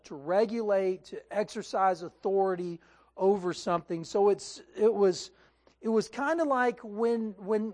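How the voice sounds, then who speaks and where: With a high-pitched voice, this male pastor preaches in an animated, chatty manner. He keeps checking in with the congregation and often starts his phrases over.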